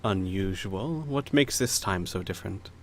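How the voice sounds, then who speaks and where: A man voicing a haughty noble baroness, speaking in a low, hushed, drawn-out way. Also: lively intonation. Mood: wary.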